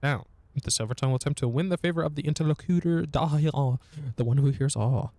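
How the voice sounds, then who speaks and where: This man's voice is a little high, fast and dark-toned, recorded dry. He streams a narrative game, reading it out and swearing and laughing frequently while guitar music plays behind him.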